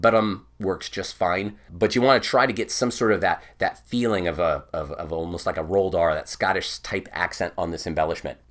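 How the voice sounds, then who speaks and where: A man giving an online bagpipe lesson, patiently explaining each step and singing counts aloud. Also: lowish voice. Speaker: bagpipe teacher.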